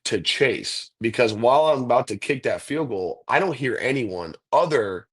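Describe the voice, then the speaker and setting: A man's voice: mid-range voice, expressive, normal speed, breathy edge. A man, a professional football kicker, talking casually as the guest in an interview, rambling through stories with lots of "like" and "dude". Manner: laid-back, rambling storyteller, says "like" and "dude" a lot.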